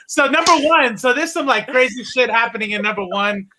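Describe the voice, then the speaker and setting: A man's voice: very high voice, expressive, a little fast. A man hosting a casual podcast chat, rambling, self-mocking and laughing often. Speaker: podcast host. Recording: audible background noise.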